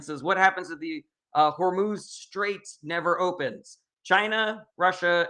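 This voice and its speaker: Brief: young male streamer, fairly high, bright voice, combative, reads chat and fires back answers. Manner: blunt, combative and sarcastic with commenters, swears freely. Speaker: political livestream host answering chat. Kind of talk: casual livestream Q&A, reading chat comments aloud.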